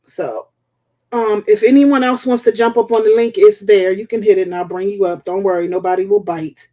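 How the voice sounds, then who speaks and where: Woman host on a live stream, casual and candid, talking loosely at mid pitch. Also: steady tone, a little fast, dark tone. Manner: open and candid, loose and conversational.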